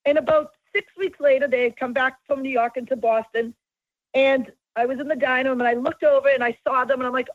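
Woman, restaurant owner, high voice, animated storyteller, dry muffled sound. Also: fairly quick, dry recording. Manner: animated storyteller, acts out dialogue. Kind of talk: casual podcast chat.

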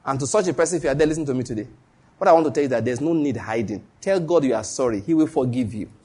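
Husky emphatic Nigerian male pastor. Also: mid-range voice, animated, rapid-fire. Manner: emphatic, repeats key phrases for stress; dramatic shifts between hushed and raised voice. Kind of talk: live-streamed sermon with storytelling.

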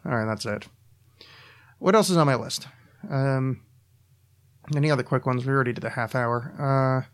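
A man hosting a solo podcast, ranting casually with profanity, restarts and repeated words. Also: mid-range voice. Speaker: podcast host.

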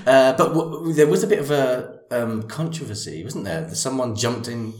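A man's voice: medium pitch, animated, moderate pace, a little mellow, a little hiss or hum. A man co-hosting a podcast in casual chat, jokey and playful, laughing a lot. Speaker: podcast co-host. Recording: echoey room.

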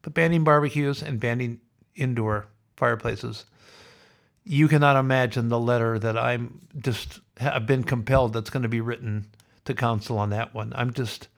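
Gravelly sardonic man ranting. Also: medium pitch. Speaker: podcast host. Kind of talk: opinionated monologue.

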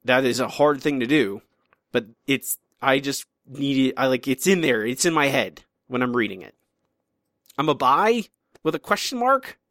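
Halting man in dry close recording. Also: medium pitch, animated, fairly bright tone, no room sound. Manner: halting, trails off and restarts, teasing. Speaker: podcast co-host. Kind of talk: casual chat reviewing comics.

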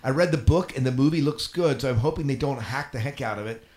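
A man co-hosting a casual podcast chat, relaxed and quick to laugh. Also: medium pitch. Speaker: podcast co-host.

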